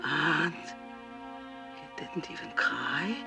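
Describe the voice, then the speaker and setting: An actress playing a frail, dying elderly mother, speaking softly and breathily, often in a whisper. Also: sits low, lively intonation, drawn-out words, gravelly, full character voice. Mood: tender. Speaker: dying mother reunited with son. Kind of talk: 1980s TV drama acting. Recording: TV soundtrack with music.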